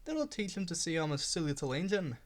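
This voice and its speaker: A man's voice: on the high side, sing-song, fast talker. A man voicing a cheeky, boastful young male tank engine in a storybook reading. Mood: teasing. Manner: boastful and teasing.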